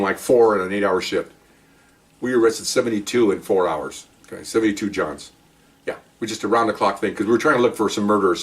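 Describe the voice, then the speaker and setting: Older man telling cop stories fast. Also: on the low side, distant mic. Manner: animated, chuckling, talks in fits and starts. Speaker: retired police officer storyteller. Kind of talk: casual anecdote telling.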